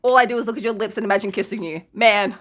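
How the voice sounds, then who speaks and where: A woman's voice: mid-range voice, steady tone, rapid-fire, fairly bright tone. A woman streaming a game, chatting playfully, laughing often and reading in-game letters aloud. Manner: playful, giggly, reads letters aloud with joking asides. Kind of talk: casual game let's play.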